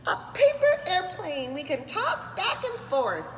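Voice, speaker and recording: A woman voicing a cheerful, playful little bird in a storybook, high and eager. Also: very animated, measured pace, a bit bright, slight background noise, heavily acted. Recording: echoey room with long reverb.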